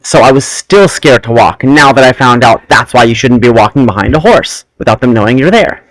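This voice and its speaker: A young man chats casually as the host, his pitch swinging widely as he wanders through a story and trails off on tangents. The sound is close and dry, with no room around it. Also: animated, fairly quick, a bit bright, no room sound, rough recording. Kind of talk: casual chat.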